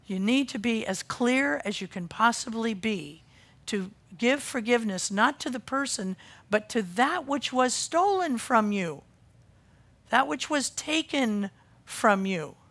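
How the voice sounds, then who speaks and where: A woman pastor preaching a sermon, swinging from loud emphasis to quiet intensity. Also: fairly high pitch, lively intonation, measured pace.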